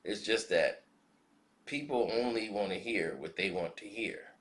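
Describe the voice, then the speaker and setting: A man giving spoken commentary in a measured, reflective way, often posing rhetorical questions. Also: on the low side, fairly bright tone. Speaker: commentary vlogger.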